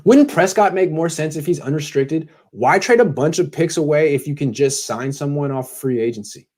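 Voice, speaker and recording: Casual sports host thinking aloud. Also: male voice, a little high, animated, moderate pace, a little mellow. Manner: conversational, thinks aloud, sarcastic asides. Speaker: sports podcast host answering viewer questions. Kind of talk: casual live Q&A.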